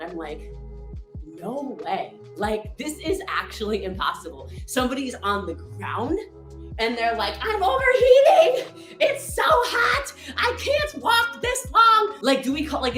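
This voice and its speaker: Bright-voiced woman telling an exasperated story. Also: medium pitch. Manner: animated, exasperated, full of "like" and "literally". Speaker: team leader. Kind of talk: storytelling anecdote. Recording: echoey room.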